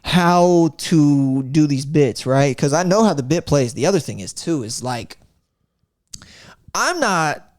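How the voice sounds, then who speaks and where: A man from Florida, a comedian telling animated stories in a casual podcast chat, swearing freely and acting out voices. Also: fairly high pitch, measured pace, hardly any pauses, no room sound, clean studio sound. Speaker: comedian guest.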